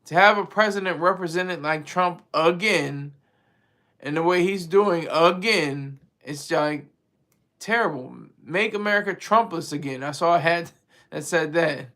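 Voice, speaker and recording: A man hosting a casual political commentary vlog, talking in an animated, rambling way with frequent restarts. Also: on the high side, measured pace. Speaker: vlog host.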